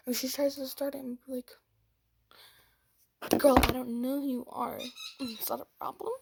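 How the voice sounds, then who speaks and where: A young woman with a high, darkish, slightly rough voice and vocal fry narrates a fight at normal speed, her pitch barely moving and long pauses breaking it up. It's a storytime vlog, dramatically retold with whispered asides and quotes delivered in voices.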